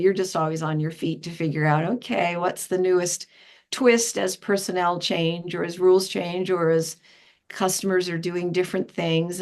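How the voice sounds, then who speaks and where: Being interviewed in a relaxed conversation, a retired founding director, an older woman, spins lively stories. When she quotes people, she performs their voices, her pitch leaping up and down.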